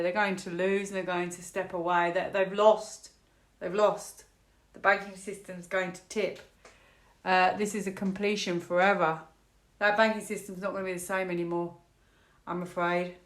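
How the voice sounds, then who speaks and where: A woman's voice: on the low side, flat delivery, moderate pace. A woman from the United Kingdom giving a casual tarot reading to camera, thinking aloud in a rambling, half-laughing way. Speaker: tarot reader. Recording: echoey room.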